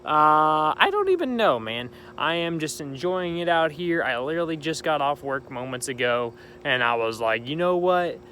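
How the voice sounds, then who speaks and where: A man's voice: on the high side, animated, moderate pace, few pauses, bright, forceful tone, a little hiss or hum. A young man hosting a gaming channel, talking casually and rambling cheerfully about a game while sitting outdoors at night. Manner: chatty, rambling and upbeat. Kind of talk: casual let's-play commentary.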